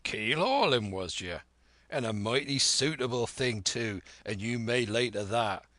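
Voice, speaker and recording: A man's voice: mid-range voice, lively intonation, unhurried, pushed and bright, no echo. A man voicing a cunning one-legged old sea cook who blusters in salty sailor slang. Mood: blustering. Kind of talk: audiobook character reading.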